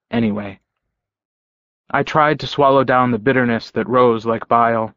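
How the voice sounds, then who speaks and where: A man giving first-person audiobook narration in a measured, brooding way. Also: medium pitch, steady tone, a bit bright, no room sound. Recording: slightly dull dry audio.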